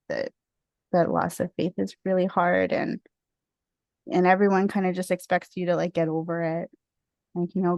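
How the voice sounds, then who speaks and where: A woman from India speaking in a talkative, expressive way. She is a guest speaker in a discussion and drifts into tangents. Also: fairly low pitch, no echo. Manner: talkative, expressive, easily sidetracked. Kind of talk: casual discussion.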